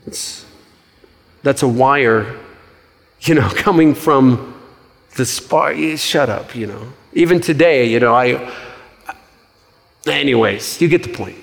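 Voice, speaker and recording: A man's voice: mid-range voice, creaky. Man preaching in a reverberant hall. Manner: conversational, animated storytelling with quick asides. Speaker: pastor. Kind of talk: sermon.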